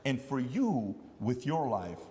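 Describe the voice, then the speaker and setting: A man's voice: medium pitch, very animated, slow pace, mellow, big-room sound. A man in his thirties hosting a casual podcast chat, rambling and acting out the people he quotes. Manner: rambling, acts out quoted voices. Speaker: podcast host. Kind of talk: casual talk show chat.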